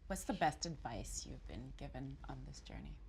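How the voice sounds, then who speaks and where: A woman interviewer asking gentle, measured questions. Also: very deep voice, huge pitch swings, creaky, a crowd in the background.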